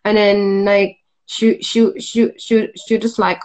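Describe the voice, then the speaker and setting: A young adult woman, telling a personal story in a halting way, full of fillers and restarts. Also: mid-range voice, level tone, a little mellow, low-quality recording.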